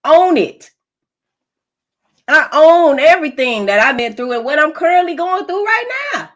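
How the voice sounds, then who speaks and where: Woman, high voice, emphatic tarot reader, laughs a lot. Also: animated, normal speed, fairly bright tone. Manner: emphatic, preachy, laughs often. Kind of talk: collective tarot reading.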